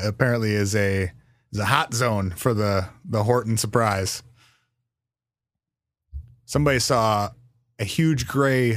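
A man co-hosting a chatty podcast, reading facts in a casual way and laughing a lot. His pitch sits in a middle range. The mic is close and dry. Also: no room sound. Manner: reads out facts, laughs often. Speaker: podcast co-host. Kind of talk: casual chat.

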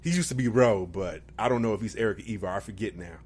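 A man co-hosting a casual wrestling podcast, lively and quick to mimic voices, dropping "man" and "bro". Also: fairly low pitch, slight background noise. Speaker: podcast co-host.

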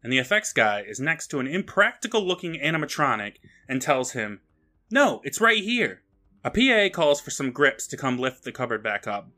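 A man co-hosting a podcast, recapping a TV episode in a lively, casual way. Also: mid-range voice, fairly quick, few pauses. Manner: lively retelling with frequent laughs. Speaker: podcast co-host.

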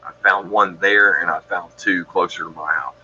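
This is a man with a deep, low voice and a bright, forceful edge. He tells his story casually on a podcast, rambling and correcting himself as he goes. The recording sounds a little dull, with a faint hiss underneath. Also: moderate pace. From Georgia, USA. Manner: rambling, self-correcting, matter-of-fact. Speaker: guest describing encounters.

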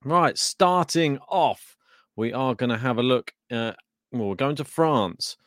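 A man's voice: mid-range voice, lively intonation, a little slow, no room sound, studio quality. A man hosting a tennis podcast, chatting casually and thinking aloud with plenty of fillers. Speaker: podcast host. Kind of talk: casual tennis preview chat.

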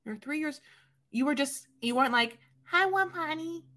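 A woman's voice: high voice, normal speed, fairly bright tone. A woman co-hosting a podcast in casual chat, rambling with many fillers and playfully mimicking people. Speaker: podcast co-host.

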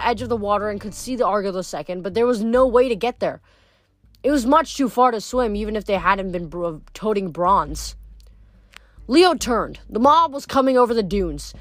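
A woman reading a novel aloud, expressive, sometimes stumbling and correcting herself. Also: a little high, dry recording. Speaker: reader.

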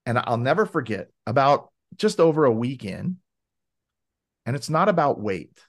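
A man as a podcast guest, telling a story in a casual, animated way and acting out quoted voices. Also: medium pitch, moderate pace. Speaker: podcast guest, wellness advocate.

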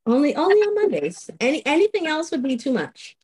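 A woman's voice: high voice, sing-song, fairly quick, a little mellow. A woman hosting a podcast, introducing guests in an upbeat, teasing way. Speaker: podcast host. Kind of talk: casual hosting chat.

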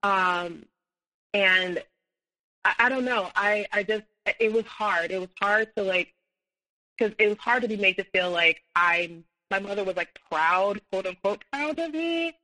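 A woman's voice: mid-range voice, a little slow, bright, forceful tone, rough recording. A woman guest on a podcast, telling a personal story with many fillers and restarts, and acting out the dialogue she quotes. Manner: acts out quoted dialogue, rising when heated.

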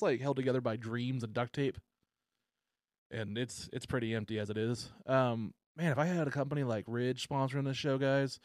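A man's voice: mid-range voice, no echo, clean studio sound. An American man hosting a podcast, joking crudely and animatedly with his co-host. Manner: profane, animated, jokey. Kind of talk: crude casual podcast banter.

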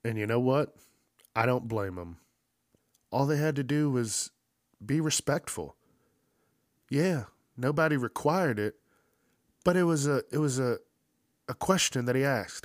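A man's voice: mid-range voice, expressive, unhurried, pauses often, dry recording, clean studio sound. A man hosting a casual commentary show, retelling news stories in a heated, profane rant and acting out the people in them. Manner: heated, swears constantly, acts out quoted people.

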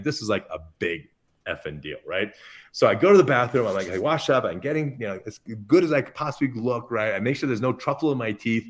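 A middle-aged chef, a man, telling self-mocking anecdotes in a podcast interview, full of quick asides. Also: medium pitch. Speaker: chef guest.

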